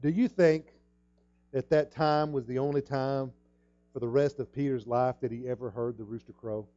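A man preaching a sermon in an emphatic way, repeating words and jumping up loud at key points. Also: mid-range voice, steady tone, normal speed, highs cut off, soft background music. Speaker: pastor.

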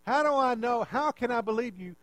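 A man's voice: mid-range voice, animated, moderate pace, dry recording. Man doing a doubting old priest. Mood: pleading. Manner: pleading, insistent. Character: doubtful old male priest demanding proof.

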